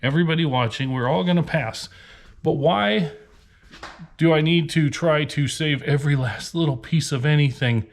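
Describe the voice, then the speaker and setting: A fairly high, gravelly male voice at a moderate pace comes from a Nebraska reseller venting to his camera. He's in a storage unit, tired and frustrated, rambling on.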